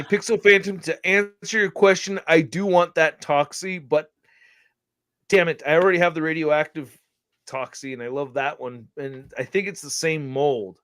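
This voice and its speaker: Guy cohosting a toy live stream, talks over a call mic, kinda high voice, gets loud then mumbly. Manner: animated, swings from loud outbursts to mumbling. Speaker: podcast co-host. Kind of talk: casual live-stream chat.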